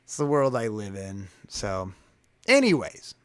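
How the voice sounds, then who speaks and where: Loud, passionate male podcast co-host. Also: on the low side, wildly swooping pitch, a little slow, clean tone. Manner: loud, self-described passionate talker; rambling, restarts a lot. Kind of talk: casual podcast chat.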